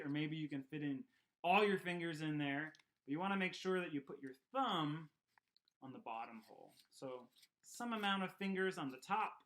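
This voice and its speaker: A man teaching a children's puppet and sing-along lesson at home, speaking gently and encouragingly. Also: on the high side. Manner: gentle, encouraging, talks to kids. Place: home room.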